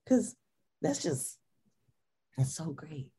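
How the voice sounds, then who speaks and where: A woman's voice: deep voice, animated, moderate pace, dark tone, slightly rough. A young adult woman guesting on a podcast, chatting casually and animatedly, acting out her own remarks and laughing often. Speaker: powerlifter guest.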